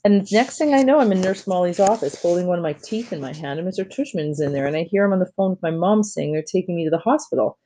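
Mellow-toned casual audiobook reader. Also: medium pitch, fast, hardly any pauses, a little hiss or hum. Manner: casual, kid-like storytelling with lively emphasis. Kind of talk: reading a children's novel aloud, first-person narration.

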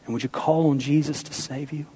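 A pastor preaching a sermon, playful with the congregation at times and dropping to hushed, intense appeals. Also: male voice, a little high, steady tone, brisk, breathy edge.

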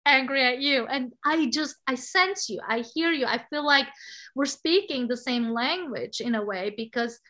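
Bright, high-voiced expressive woman. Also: a little slow. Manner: expressive, animated storyteller. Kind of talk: casual conversation about relationships.

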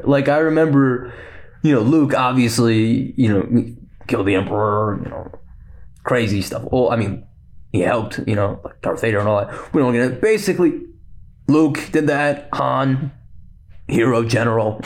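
A man hosting a podcast, chatting casually about films, talking fast and rambling with lots of fillers and restarts. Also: medium pitch. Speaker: podcast host. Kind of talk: casual rambling film chat.

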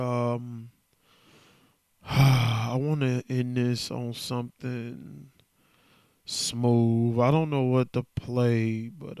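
A man's voice: mid-range voice, darkish tone, clean tone, dry recording, clean studio sound. A man hosting a solo podcast, talking candidly and loosely in a casual, slangy way while sounding emotionally worn down. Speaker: podcast host.

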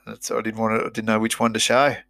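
A man's voice: fairly low pitch, monotone, quick pace, vocal fry, a bit bright, dry recording. A middle-aged Australian man, a former rugby player, telling his story in a blunt, sweary, rambling way. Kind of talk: casual storytelling.

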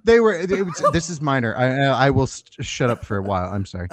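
A man's voice: medium pitch, sing-song, fast. A young man from Oklahoma telling crude, self-mocking stories on a podcast, laughing through them. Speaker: podcast guest, comedian. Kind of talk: casual storytelling chat.

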